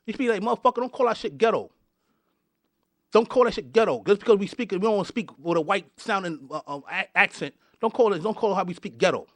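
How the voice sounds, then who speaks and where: A man's voice: high voice, quick pace, few pauses, no room sound. A man hosting a podcast, delivering a fired-up rant and often repeating and restarting his words. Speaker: podcast host.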